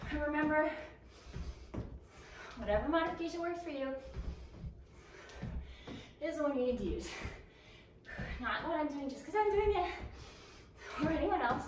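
A woman's voice: high-pitched, expressive, a little slow, pauses often, distant mic, slight background noise. A woman coaching a home workout, out of breath, encouraging and counting down reps. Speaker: fitness instructor. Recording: echoey room, voice from off the mic.

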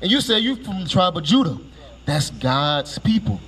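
A man's voice: high-pitched, very animated, moderate pace, fairly bright tone, breathy edge. A man preaching on the street, quizzing passers-by with "right?" and ordering scripture to be read aloud before explaining it. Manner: commanding, calls for each scripture reading with a curt "Read", then explains it; quizzes listeners with repeated "right?" and rhetorical questions. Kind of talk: street preaching with questions to listeners.

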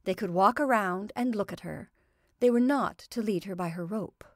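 A woman reading a classic short story aloud in measured, even narration. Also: medium pitch, no room sound, clean studio sound.

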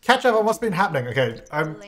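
A man's voice: a little high, sing-song, fast talker, a bit bright. Guy doing chatty let's-play commentary, voice bounces up and down a lot, talks back at the game characters. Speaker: gaming channel host.

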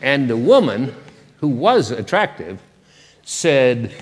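A man's voice: lowish voice, a little slow. Older man lecturing in a reverberant hall. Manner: wry, conversational, self-deprecating humor. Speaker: guest lecturer. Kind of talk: public lecture.

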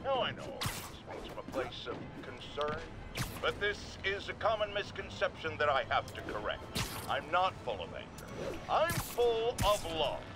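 A ranting radio host, high lively voice, indignant, music playing under. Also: male voice, moderate pace. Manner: animated, indignant broadcast delivery. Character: ranting male radio host, loud and self-righteous. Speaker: radio talk show host. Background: game music.

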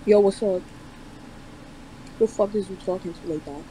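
A woman's voice: mid-range voice, normal speed, very noisy. A woman on a video chat app, talking back bluntly and brashly with profane comebacks, heard over a video call. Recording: video call with loud crowd behind.

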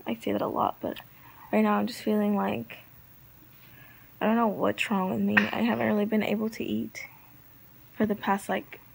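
A woman's voice: mid-range voice, little pitch movement, normal speed, creaky, pauses often, a little hiss or hum. A young woman vlogging casually into her phone, rambling and hesitant with many fillers, sounding sick and down. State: feeling sick and down. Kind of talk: casual vlog chat.

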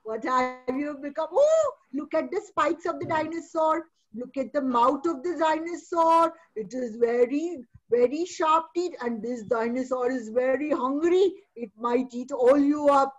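A woman's voice: sits high, expressive, a little slow, few pauses, lo-fi sound. A woman, a kindergarten teacher hosting an online fancy dress show, encouraging and storytelling with drama.

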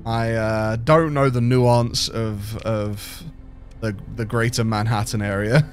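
A man's voice: on the low side, fairly even intonation, slow, faint music behind. A British man giving casual let's-play commentary, thinking aloud and rambling with restarts. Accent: British English. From Britain. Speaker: game streamer.

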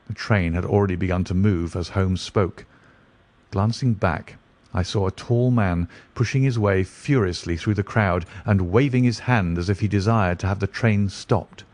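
A man narrating a classic detective story in a steady, even reading voice. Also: sits low, moderate pace.

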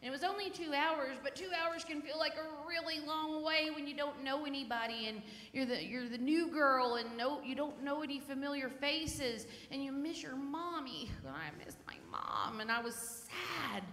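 A woman leading children's time in church, gently and animatedly telling the children a story. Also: high-pitched, moderate pace, hardly any pauses. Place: church sanctuary. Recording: echoey church hall, faint noise.

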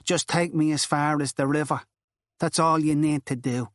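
A desperate young Dublin girl begs for help in a raised, higher voice, as a male narrator puts her on. She talks urgently and pleadingly, the words pressing and loud. The reading is dry and close. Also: normal speed, dry recording, natural voice. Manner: urgent, begging.

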